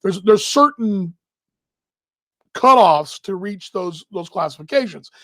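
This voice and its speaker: A man with a high, dry voice hosts a casual baseball live stream. He rambles warmly, restarts his sentences and gets emotional. His voice sits right on a close microphone with no room sound. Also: lively intonation, slow, dry recording. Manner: rambling, emotional, talks while handling gear. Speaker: baseball broadcaster hosting a live show.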